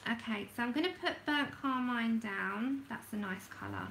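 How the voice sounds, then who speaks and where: Livestream host, woman, gravelly and bright, slow and chatty, slight background hiss. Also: fairly high pitch, rough recording. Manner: chatty, self-laughing, talks to herself while working. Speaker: livestream host swatching colour pencils. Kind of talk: casual livestream chat.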